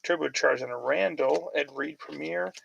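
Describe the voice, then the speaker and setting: A man with a heavily gravelly voice chats loosely while opening packs, naming players and drifting into football gossip. His voice sits a little high for a man, and a faint hiss of background noise runs under it. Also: moderate pace, a bit bright, muffled recording. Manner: chatty, rambling sports talk with fillers. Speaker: card break host. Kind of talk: casual live card-break commentary.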